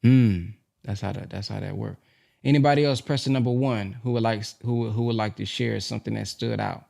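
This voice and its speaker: A man hosting a phone-in study call, animated and exclaiming often. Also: fairly low pitch, a little fast, creaky. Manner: animated, exclaims often, slips into skits of a pawnbroker. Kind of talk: casual call-in discussion.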